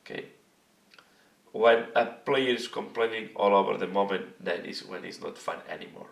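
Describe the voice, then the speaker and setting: Hoarse man with a gravelly voice. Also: fairly low pitch, moderate pace. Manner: earnest, searching for words. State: losing his voice, hoarse. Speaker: hobby channel host. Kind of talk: casual vlog talk to camera. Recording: echoey room, mic at a distance.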